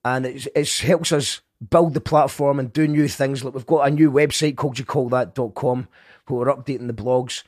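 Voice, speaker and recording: A man's voice: mid-range voice, normal speed, dry recording, clean studio sound. A man hosting a podcast, talking casually and earnestly to his listeners, with frequent restarts. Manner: stumbling, earnest, lively. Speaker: podcast host.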